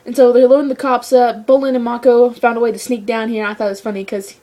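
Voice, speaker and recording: A woman with a fairly high voice talks through a show episode in a casual review. She rambles in excitable fan chatter, full of "like" and "you know.". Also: quick pace. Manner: rambling, excitable fan talk with many "like" fillers.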